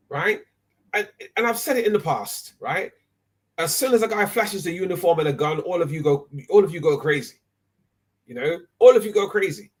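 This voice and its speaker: A man's voice: high voice, husky. A man hosting a live online talk, emphatic and often tagging his points with "right?". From Nigeria. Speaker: host.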